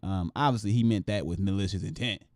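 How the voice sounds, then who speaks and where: A man's voice: on the low side, fast, darkish tone, dry recording, studio quality. A man hosting a casual show where he reacts to news clips, with profane, joking rants. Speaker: show host.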